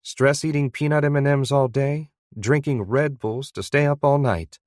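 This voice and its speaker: A man's voice: medium pitch, steady tone, normal speed, darkish tone, no room sound, voice pushed up, close to an everyday voice. A man voicing a grown woman who teases an old friend in a light, dry way, in an audiobook. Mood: teasing. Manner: light, teasing.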